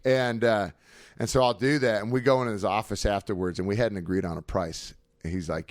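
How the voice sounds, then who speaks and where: A man's voice: sits low, very fast, dry recording, studio quality. A man, a former football player, telling stories energetically in a casual podcast chat. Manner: energetic, animated storyteller with lots of fillers.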